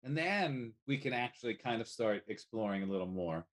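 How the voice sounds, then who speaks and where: A man talking as a life coach guest in a casual podcast conversation, animated and casually swearing. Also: on the low side, moderate pace. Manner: animated, swears casually, acts out little quoted voices.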